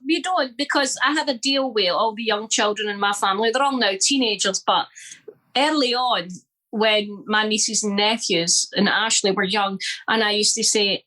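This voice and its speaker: Blunt, bright-voiced Scottish woman. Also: medium pitch, normal speed, low-quality recording. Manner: blunt, swears freely, lively storytelling. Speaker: comedian, guest. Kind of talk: casual interview chat.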